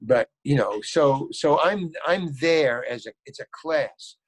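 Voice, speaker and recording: Older man, bright voice, rambling anecdotes. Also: fairly high pitch, animated, takes it slowly, low-quality recording. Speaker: actor guest. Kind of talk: casual interview storytelling.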